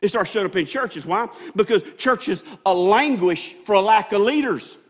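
A man's voice: sits high, lively intonation, moderate pace. A man preaching a sermon as pastor, stumbling through restarts and building emphasis. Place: church sanctuary. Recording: long reverb of a church hall.

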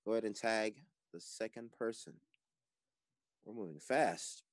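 A man with a fairly low voice acts as game master for a voice-chat werewolf game. He calls out each phase in a calm, procedural way. The sound is close and dry, with no room around it. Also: unhurried, dry recording. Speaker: game master and stream host. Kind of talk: running an online party game over voice chat.

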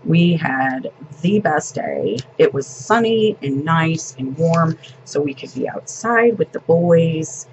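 A woman's voice: deep voice, animated, takes it slowly, hardly any pauses, a little hiss or hum, rough recording. A woman in her fifties, a grandmother and vlogger, telling a family story in casual, rambling chat.

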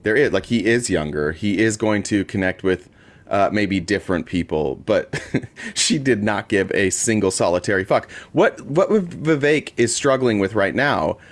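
A man's voice: on the low side, animated, a little slow. Sarcastic man riffing on politics. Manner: sarcastic, swears freely, mocking impressions. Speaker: co-host. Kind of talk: casual political commentary.

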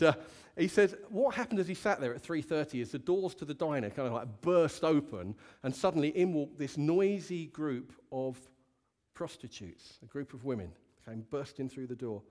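A man's voice: mid-range voice, darkish tone. A male pastor giving a sermon to a congregation, telling a story in a candid, conversational way and asking the room questions. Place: church hall with a congregation.

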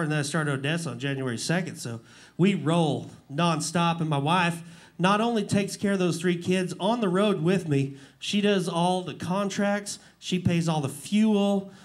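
High-voiced, emotional rodeo clown. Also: male voice, normal speed. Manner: emotional, laughing, rambling storyteller. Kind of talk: casual talk-show storytelling. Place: live show before an audience.

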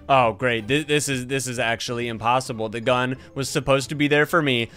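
A man giving excited Let's Play commentary, yelping and laughing as he talks to his viewers. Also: medium pitch, brisk, few pauses, clear, resonant tone. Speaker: gaming YouTuber.

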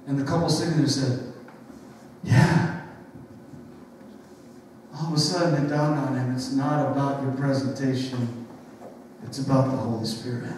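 Male youth pastor, high voice, animated storytelling sermon, heard from far off in a reverberant church hall. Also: moderate pace, long pauses. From western New York. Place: church sanctuary. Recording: echoey church hall from far off, faint noise.

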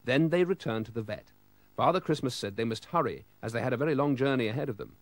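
A man reading a children's storybook aloud with lively, expressive storytelling. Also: mid-range voice, fast, no room sound.

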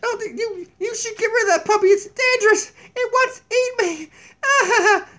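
A squeaky donkey puppet in a very high, piping voice, silly and fart-obsessed, giggling and jumpy. It sounds like a goofy homemade puppet skit recorded on a tablet in a kitchen. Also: male voice, moderate pace, pushed and bright. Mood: scared. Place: downstairs home kitchen. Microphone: tablet camera mic.

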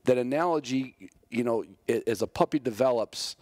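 A man's voice: medium pitch, moderate pace, darkish tone, dry recording, clean studio sound. A man hosting a podcast, chatting casually and trading his own anecdotes with his guest. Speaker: podcast host. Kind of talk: interview conversation.

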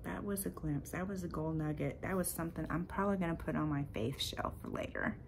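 A woman hosting her own podcast, telling a personal faith story in an animated, emotional way and talking straight to her listeners. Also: deep voice, fast talker, creaky, a little hiss or hum. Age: adult parent. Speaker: podcast host.

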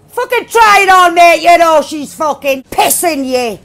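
Shouty, foul-mouthed woman gamer. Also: very high voice, animated, unhurried, vocal fry, few pauses. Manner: loud, swearing, shouting at opponents. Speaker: gaming streamer. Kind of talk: excited gameplay commentary.

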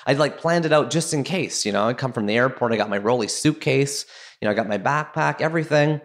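A man from Canada hosting a podcast, telling a nervous story in an excitable, chatty way full of fillers. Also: mid-range voice, quick pace. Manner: excitable, chatty, self-deprecating, many fillers. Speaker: podcast host. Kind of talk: casual storytelling intro.

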